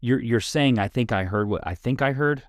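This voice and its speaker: A man's voice: mid-range voice, normal speed, dry recording, studio quality. A man co-hosting a family counseling talk show, explaining communication tools with everyday examples in a thoughtful, conversational way. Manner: reflective, explains with examples, thinks aloud. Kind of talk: conversational podcast discussion.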